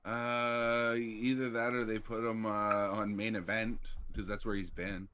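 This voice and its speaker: A man's voice: on the low side, flat delivery, a little slow, sharp tone, a little hiss or hum. A man reacting to a wrestling show on a live stream, talking in a rambling, blunt, heavily profane way.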